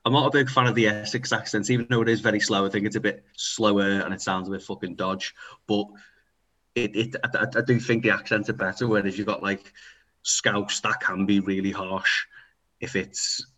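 A man from the north of England chatting on a podcast, his voice sitting fairly low. He rambles through loose, sweary banter. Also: steady tone, a little fast, sharp tone. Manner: rambling, sweary, laughs often. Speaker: podcast co-host. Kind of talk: casual banter.

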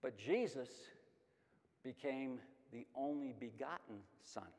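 A middle-aged man teaching a Bible lesson, emphatic and lively, asking questions and answering them himself. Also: medium pitch, slow pace. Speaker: Sunday school teacher. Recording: long hall reverb.

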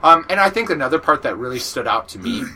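A man's voice: a little high, fast. A man co-hosting a casual podcast chat, rambling and joking with lots of restarts. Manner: animated, rambling with restarts and jokes. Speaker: podcast co-host.

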